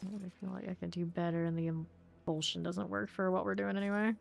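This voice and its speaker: A woman's voice: fairly low pitch, level tone, a little fast, gravelly. A young woman streaming a game, chatting casually with viewers, answering chat and laughing easily while she plays.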